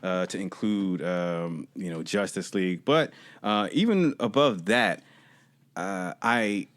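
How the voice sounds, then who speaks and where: Low-voiced man hosting a podcast, dry sound. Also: slow, fairly bright tone, no echo. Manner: prompting, asks short follow-up questions. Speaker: podcast host. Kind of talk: casual chat.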